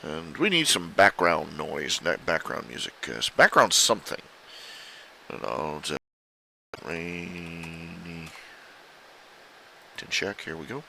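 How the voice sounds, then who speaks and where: Middle-aged man, lowish bright voice, halting casual artist commentary. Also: lively intonation, creaky, slight background noise, low-quality recording. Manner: halting, full of "uh" fillers. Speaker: artist showing his commissions.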